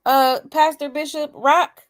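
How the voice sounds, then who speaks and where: A woman's voice: high voice, fairly even intonation, dry recording, clean studio sound. Sassy woman hosting gossip commentary. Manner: sassy, teasing, drawn-out remarks. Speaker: commentary host reacting to clips.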